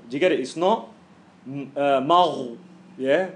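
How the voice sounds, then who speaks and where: Guy teaching recitation class, kinda high voice, chatty, keeps saying yeah?. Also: a little slow. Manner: demonstrates sounds by voicing them aloud. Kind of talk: informal classroom lesson.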